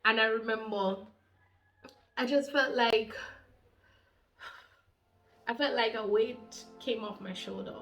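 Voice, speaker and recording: A Jamaican woman in her thirties telling her personal faith testimony, animated and heartfelt, slipping into patois. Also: on the high side, slow pace, pauses often, faint music behind. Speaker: faith channel co-host.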